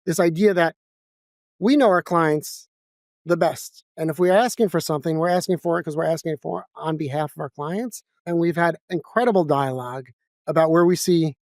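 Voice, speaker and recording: A man with a New York accent, a guest in a casual interview, talking fast and bluntly with lots of energy. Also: fairly high pitch, a little mellow, no echo, clean studio sound. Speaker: guest, financial advisor. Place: office.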